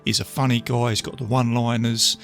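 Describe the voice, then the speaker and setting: A man's voice: medium pitch, level tone, a little fast, a bit bright, faint music behind. A man, guest on a film podcast, talking chattily with tag questions and quoting scenes. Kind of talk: casual film review chat.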